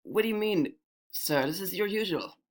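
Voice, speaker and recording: An amateur storyteller putting on the voice of a nervous older male bartender who speaks softly and hesitantly, apologizing. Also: medium pitch, animated, moderate pace, pitched above the performer's own voice, close to an everyday voice. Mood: apologetic.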